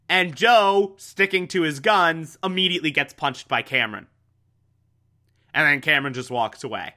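A man's voice: a little high, normal speed, pushed and bright. A young man casually recapping a TV show, enthusiastic and repetitive, with lots of fillers. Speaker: TV recap host.

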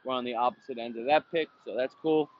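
A man's voice: mid-range voice, steady tone, fast, highs cut off. A man hosting a casual sports betting podcast, running through picks and results in a brash, profane way from a windy spot outdoors. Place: outdoors, windy, traffic nearby.

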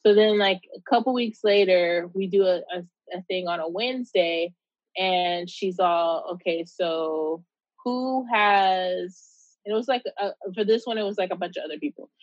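A woman guest tells a story in a candid, animated way and swears without holding back. Her voice sits in a middle register. The recording is dry and a bit muffled, like a lo-fi call. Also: mid-range voice, brisk, dry recording. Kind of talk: casual storytelling in an interview.

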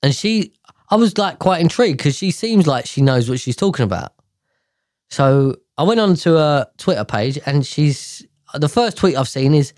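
A man's voice: a little high, expressive, normal speed, a little mellow, no room sound, clean studio sound. A man hosting a casual monologue, chatty and rambling, correcting himself as he goes. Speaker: host.

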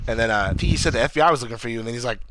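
A man in casual chat, excitedly recapping a TV episode, swearing a lot and acting out the characters' lines. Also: mid-range voice, very fast, background noise.

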